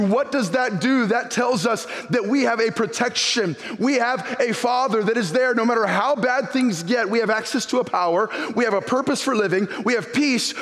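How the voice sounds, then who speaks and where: A middle-aged male pastor preaching a sermon, telling stories and acting out his children's voices, slowing and softening on key points. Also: high-pitched. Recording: long hall reverb.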